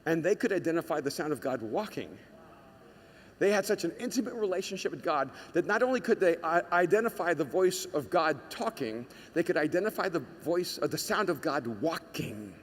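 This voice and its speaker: A man preaching a sermon to a congregation, telling a personal story in an animated way and shouting out the lines he quotes. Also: on the high side, a little fast, in a large hall. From United States. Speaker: pastor.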